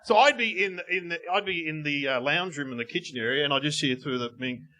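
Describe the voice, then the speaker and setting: A man co-hosting a live comedy podcast, animated and laughing often between jokey asides. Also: on the high side, quick pace. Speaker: podcast co-host. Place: live venue with audience.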